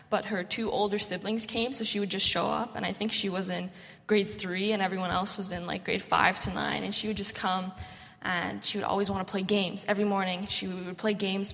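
A woman's voice: medium pitch, vocal fry, a bit bright. A young woman shares stories from volunteering at a kids' camp in a casual, rambling way, dropping "like" into nearly every phrase. Her voice sits in the middle of the usual range. The sound carries a long reverb, as if she is speaking in a large hall. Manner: chatty, lots of "like" fillers. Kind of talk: casual storytelling talk.

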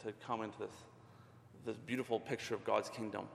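A man's voice: lowish voice, level tone, brisk, creaky, in a large hall, slight background noise. A middle-aged man giving an earnest, conversational sermon as a ministry leader, often restarting his phrases.

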